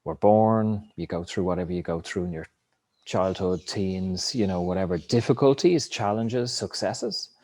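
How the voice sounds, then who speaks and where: A man's voice: low-pitched, moderate pace, a little mellow, no echo. A man talking in a rambling, reflective spiritual monologue, cursing now and then. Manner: rambling, reflective, swears casually.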